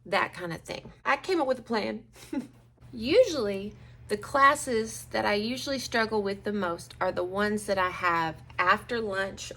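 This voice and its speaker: Rambling teacher woman with gravelly fry. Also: medium pitch, fairly bright tone. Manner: rambling, self-deprecating, chatty with laughs. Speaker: schoolteacher. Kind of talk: casual get-ready-with-me chat. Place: home.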